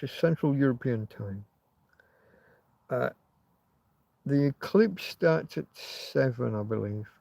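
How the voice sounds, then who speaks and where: A man's voice: a little high, vocal fry, a little mellow, no echo, lo-fi sound. A man hosting a casual livestream from inside a tent, rambling and swearing freely. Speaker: livestream host.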